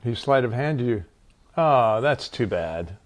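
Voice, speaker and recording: A man's voice: medium pitch, animated, slow. A man, an actor appearing as a podcast guest, speaks earnestly and emphatically and repeats phrases to stress them. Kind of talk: casual conversation.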